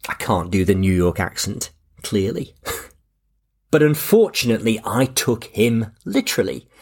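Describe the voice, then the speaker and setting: Husky-voiced man hosting a podcast. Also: on the low side, measured pace. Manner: relaxed, anecdotal, self-deprecating. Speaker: podcast host. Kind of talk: scripted podcast narration.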